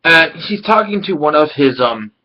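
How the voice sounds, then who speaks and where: A man casually reviewing an anime episode, rambling and excitable, swearing now and then. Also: fairly high pitch, moderate pace, dull audio.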